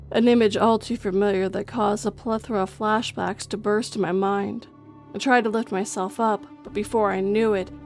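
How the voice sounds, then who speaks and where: A woman narrating a first-person horror story in a steady, scripted way. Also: mid-range voice.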